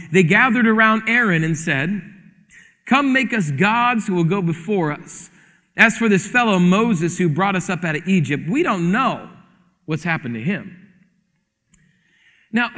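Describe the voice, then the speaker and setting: A man's voice: high-pitched, a bit bright. A man preaching a sermon, telling stories animatedly and acting out the dialogue. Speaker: pastor. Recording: hall reverb.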